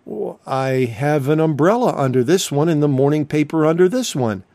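An eager young man, hasty and deferential as he explains himself, as a preacher acts him out. The voice is fairly high and dry. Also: animated, moderate pace, warm tone, dry recording. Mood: explaining.

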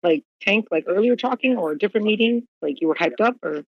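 A woman in a casual group chat, asking quick questions. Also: mid-range voice, lively intonation, slightly rough, dry recording, dull audio.

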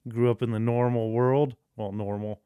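A man co-hosting a podcast, chatting casually in a rambling, profane, excitable way. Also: medium pitch, normal speed, clean tone, no echo, narrow, tinny audio. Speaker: podcast co-host. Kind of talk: casual chat.

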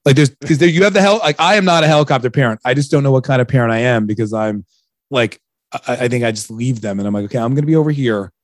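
A man's voice: medium pitch, very fast, dry recording, studio quality. A man in his thirties hosting a casual chat, joking and rambling, often stumbling over his words. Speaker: podcast host.

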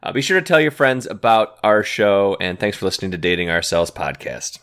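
A man's voice: lowish voice, big pitch swings, a little fast, fairly bright tone. A man co-hosting a podcast in casual chat, laughing often and hesitating with fillers. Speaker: podcast co-host.

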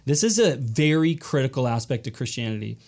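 A man teaching in a relaxed panel talk, explaining patiently and often restarting his words. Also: mid-range voice, a little fast. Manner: explanatory, repeats words at starts. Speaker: sermon series teacher.

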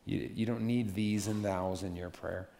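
Gravelly-voiced man preaching casually. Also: on the low side, moderate pace, slight background noise. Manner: conversational, animated preaching with playful asides. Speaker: pastor. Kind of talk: sermon.

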